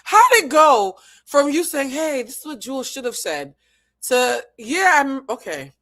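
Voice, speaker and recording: A woman hosting a live reaction show with a voice that leaps high and drops low. She's sassy and mocking, breaking into laughter as she picks apart a clip, and sits a bit above the usual pitch. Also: big pitch swings, measured pace, fairly bright tone. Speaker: host.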